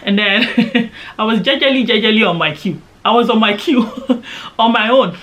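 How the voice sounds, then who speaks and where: A woman's voice: on the high side, moderate pace, a bit bright. A woman, a vlogger animatedly retelling a travel story with emphatic, indignant asides. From Nigeria. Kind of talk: storytime vlog.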